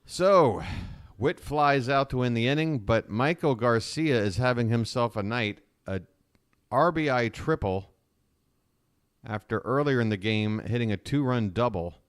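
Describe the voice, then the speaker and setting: A man streaming live baseball play-by-play from his own channel, chatty and rambling, getting excited on big swings. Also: medium pitch, measured pace, clear, resonant tone, no echo, studio quality.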